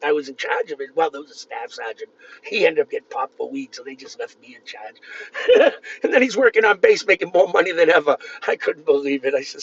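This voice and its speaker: A man in his fifties telling rambling personal stories in a gruff manner, swinging between loud outbursts and low muttering. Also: slight background noise. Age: 50s. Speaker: vlogger. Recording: distant, dull lo-fi with faint ambience.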